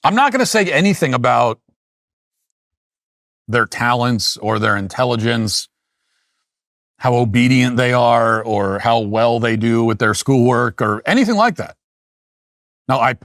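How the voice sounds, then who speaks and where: A middle-aged man hosts a commentary show, talking in an emphatic monologue that circles back with repeated phrases and restarts. His voice sits at an ordinary pitch, and the recording is dry, with little room sound. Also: a bit bright, no echo. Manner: emphatic, repetitive, with frequent restarts. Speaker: political commentary host.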